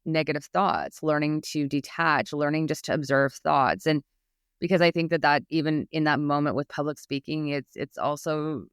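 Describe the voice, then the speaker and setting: A woman's voice: low-pitched, moderate pace, smooth, no room sound, clean studio sound. A woman guest expert on a podcast, talking about public speaking anxiety in an earnest, encouraging way, often restarting her sentences. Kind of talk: podcast interview.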